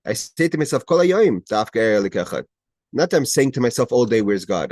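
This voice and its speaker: Male Torah teacher over a video call, mid-pitched, dry close sound, reads a line and translates it, restarts a lot. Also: big pitch swings, a little fast, darkish tone, no echo. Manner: reads Hebrew phrases, then translates them; frequent restarts, rising emphatic questions. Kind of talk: explaining a Chassidic text in class.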